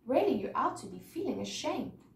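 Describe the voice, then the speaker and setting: Woman as a loyal, earnest scarecrow bride, storybook read-aloud, lively tune, mic at a distance. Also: on the high side, normal speed, gravelly. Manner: earnest, pleading. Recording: echoey room, mic far off, faint noise.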